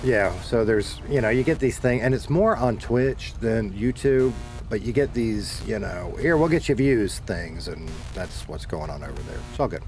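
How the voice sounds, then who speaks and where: A man with a Southern American drawl and a lowish voice, talking in a relaxed, rambling way to his viewers. He swears casually and keeps things chill, with faint music under him. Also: moderate pace, hardly any pauses. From Southern United States. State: dehydrated. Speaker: streamer. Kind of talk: casual chat with stream chat.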